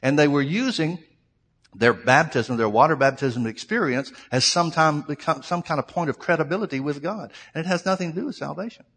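A man's voice: fairly high pitch, lively intonation, fairly quick, a bit bright, husky. A man preaching a sermon to his congregation, reading scripture aloud and explaining it verse by verse. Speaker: pastor. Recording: long hall reverb.

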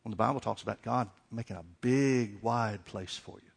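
A man's voice: fairly low pitch, normal speed, creaky, husky. A middle-aged man preaching a sermon, asking repeated questions and acting out little dialogues. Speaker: pastor.

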